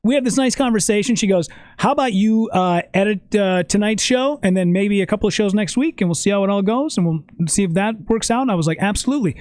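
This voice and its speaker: A man telling a story in a casual podcast chat, animated and swearing often. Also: high-pitched, quick pace, hardly any pauses, no echo. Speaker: podcast guest.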